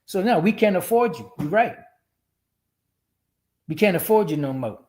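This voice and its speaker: Brief: man doing a haughty, demanding woman, raised mocking pitch. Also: lively intonation, normal speed, a little mellow. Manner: mocking, dismissive. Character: demanding woman with high standards.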